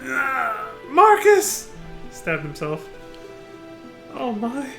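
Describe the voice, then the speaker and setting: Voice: mid-range voice, sing-song, unhurried, bright, forceful tone, roomy sound. A streamer giving playful live commentary during a game playthrough, with joking asides. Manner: playful, giggly asides, jumps into character voices. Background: game music.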